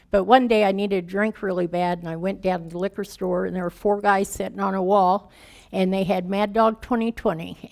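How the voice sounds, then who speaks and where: Gravelly-voiced woman giving raw testimony. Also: mid-range voice, a little mellow. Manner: candid and plain-spoken, folksy grammar; emotional, raw storytelling. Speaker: guest speaker. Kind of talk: personal recovery testimony.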